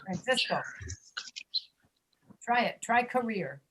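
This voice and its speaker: A woman's voice: on the high side, animated, fairly bright tone, breathy edge, rough recording. Patient woman drilling pronunciation. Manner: patient, repeats words slowly for drilling. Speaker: ESL pronunciation teacher. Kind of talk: online class instruction. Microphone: video call.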